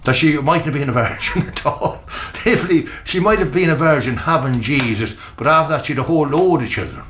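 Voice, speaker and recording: A man's voice: on the high side, fairly quick, a bit bright, a little hiss or hum. An older man with a rural Irish accent, a farmer talking casually in a rambling, folksy storytelling way at home. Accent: Irish, rural Meath. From Ireland. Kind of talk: casual documentary talk. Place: farmhouse, indoors.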